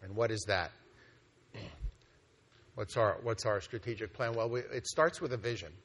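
A man's voice: on the low side, moderate pace, fairly bright tone. A man presenting a plan to a meeting, conversational and loose, with frequent fillers and restarts. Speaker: organization executive presenting a plan. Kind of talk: conference presentation. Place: meeting hall at a conference.

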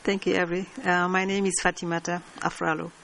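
A woman asking a question at a working group meeting, speaking slowly and hesitantly with fillers. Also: fairly low pitch, level tone, gravelly, a bit bright, slight background noise, poor audio. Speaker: meeting participant. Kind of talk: meeting discussion.

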